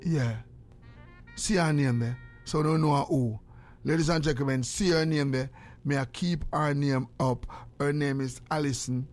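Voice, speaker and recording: A man's voice: a little high, measured pace, soft background music. An older man with a Jamaican accent, telling stories in a casual way, acting out the exchanges he quotes, and breaking into prayer. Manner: animated, acts out quoted exchanges.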